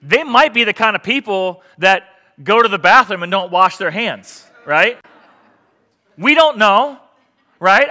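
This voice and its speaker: A male pastor preaching a sermon in a church, animated and joking with the congregation. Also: sits high, moderate pace. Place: church sanctuary.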